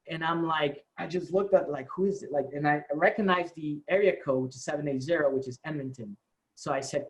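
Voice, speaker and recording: A man's voice: fairly high pitch, moderate pace, poor audio. A man, a company co-founder, telling the story of his start to his staff, acting out the dialogue. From United States. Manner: animated storytelling, acts out quoted dialogue.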